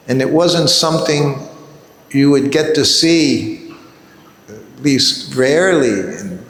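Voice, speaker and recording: An older man in his seventies recounts a memory during a religious class, speaking at a middle pitch and chuckling often as he tells it. His voice rings out in a roomy hall with a long reverb tail. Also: fairly bright tone, a little hiss or hum. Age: 70s. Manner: chuckles often while telling a story. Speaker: devotee giving a scripture class. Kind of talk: anecdotal storytelling in a religious class.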